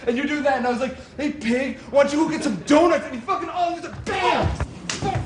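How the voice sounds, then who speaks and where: A rowdy hungover party guy, played by a man, loud, laughing and foul-mouthed, in a very high voice. The sound is roomy, from an old VHS sketch recording. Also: fast, background noise. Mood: boisterous. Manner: loud, laughing, swearing, boastful. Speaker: actor in a comedy sketch.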